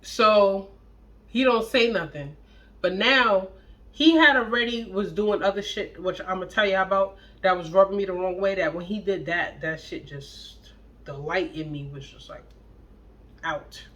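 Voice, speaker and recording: A young adult woman telling a blunt, profane storytime about a relationship, with animated, acted-out quotes. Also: mid-range voice, measured pace, highs cut off. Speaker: storytime vlogger. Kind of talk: casual storytime monologue.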